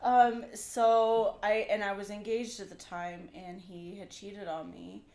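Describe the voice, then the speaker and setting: A woman's voice: mid-range voice, steady tone, unhurried, warm tone, reverberant. A woman in her thirties, a podcast guest, telling her story candidly and laughing easily. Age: 30s. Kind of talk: casual interview.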